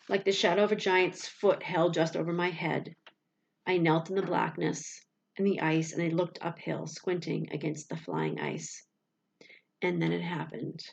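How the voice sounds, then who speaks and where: A woman with a lowish voice reads a tense first-person story as an audiobook. Her delivery is expressive and dramatic, and the recording sounds dull and lo-fi. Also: gravelly. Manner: expressive dramatic reading, loud cries in the dialogue. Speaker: audiobook reader.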